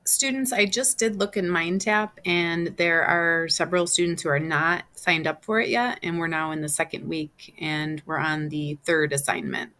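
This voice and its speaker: Woman teacher, recorded online lesson, low voice, bright tone, slow patient dictation. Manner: slow, patient spelling out of letters with repeats. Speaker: Spanish teacher.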